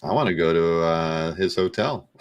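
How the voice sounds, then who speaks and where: A man with a very deep voice hosts a casual video call. He chips in with short, relaxed comments and never holds the floor for long. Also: moderate pace, clear, resonant tone. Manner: brief relaxed interjections. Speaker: host. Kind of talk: casual chat.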